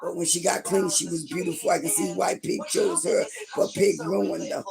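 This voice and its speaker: A middle-aged woman gossiping on a livestream in a rambling way, now and then breaking into loud outbursts. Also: fairly low pitch, big pitch swings, normal speed, gravelly, over music.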